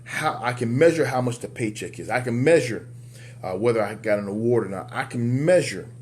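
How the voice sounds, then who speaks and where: A man coaching other men in a motivational talk. He speaks emphatically like a preacher, repeats key words for effect, and jumps up in pitch on his punch lines. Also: lively intonation, brisk, a little mellow, slight background noise. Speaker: men's life coach and show host.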